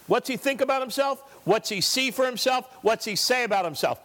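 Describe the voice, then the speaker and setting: A man's voice: very high-pitched, lively intonation, a little fast, a bit bright. A male pastor preaching a sermon, driving his points home with rhetorical questions and briefly acting out the voices of scripture figures.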